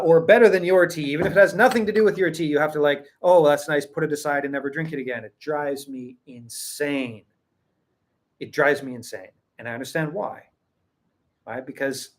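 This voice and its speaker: Rambling man chatting to camera. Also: a little high. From Western. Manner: rambling, many restarts, chuckles. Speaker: tea seller and channel host. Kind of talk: casual talk to camera.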